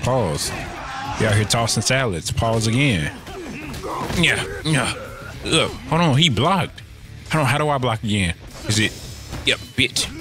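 Guy doing let's play commentary, middle voice, cussing and clowning on the game nonstop. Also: medium pitch. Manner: loose, profane, slang-heavy banter with playful trash talk at the screen. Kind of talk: casual gameplay commentary.

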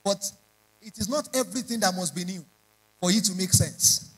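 A man's voice: high voice, moderate pace, a bit bright, breathy edge, low-quality recording. A man preaching a sermon, emphatic and repeating lines in rising prayer chants. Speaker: pastor.

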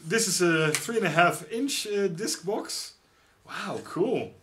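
A middle-aged man with a Dutch accent unboxing gifts in a casual vlog, exclaiming often with excitement. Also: high-pitched, slow. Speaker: YouTuber.

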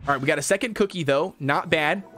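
A man's voice: fairly high pitch, quick pace, sharp tone, faint music behind. A man streaming a game live, cheering and hyped as he comments on his pulls and talks to chat. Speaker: gaming livestreamer.

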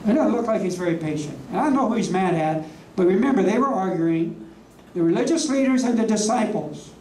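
A medium-pitched, mellow, dark voice with lively intonation belongs to a preacher teaching a ministry class from slides. He stresses key words slowly and emphatically and asks the room rhetorical questions, captured from a distance in an echoey space with a faint underlying hum.

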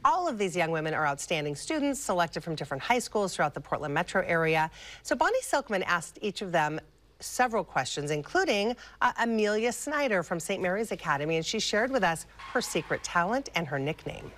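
Lively woman anchor reading local news. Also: on the low side, a little fast. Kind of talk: scripted news read.

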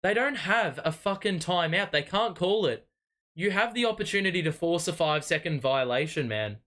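A young man does live fan play-by-play, his slightly high voice bright and forceful. He is excitable and exasperated, and he swears freely at his own team. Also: normal speed. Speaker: fan watch-party host.

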